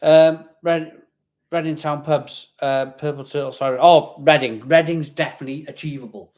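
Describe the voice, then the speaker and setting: A man's voice: a little high, steady tone, normal speed, darkish tone. Chatty Welsh man from Barry. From Barry, Wales. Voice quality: slight growl at the back of the voice. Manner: chatty, rambling, reads viewer comments aloud, repeats himself. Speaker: live stream host. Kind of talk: casual live stream chat.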